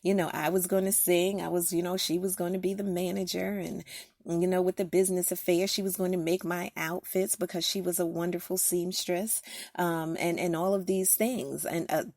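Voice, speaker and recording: A woman's voice: fairly low pitch, little pitch movement, moderate pace, a little mellow, no echo, studio quality. A middle-aged woman hosting a faith podcast, speaking candidly and personally in a casual monologue with frequent fillers. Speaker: podcast host giving encouragement.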